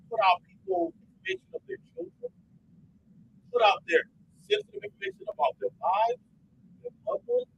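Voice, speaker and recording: Male host, parent, heated rant; bright, lively, swears and shouts. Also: very high voice, a little hiss or hum, low-quality recording. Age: adult parent. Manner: profane, emphatic, repeats himself; swings into a shout when worked up.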